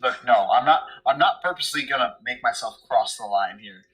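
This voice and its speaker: A man's voice: mid-range voice, a little fast, a bit bright, poor audio. A man playing in a tabletop game, bantering in a dramatic, exasperated way with the group. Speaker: player. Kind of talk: casual tabletop game chat.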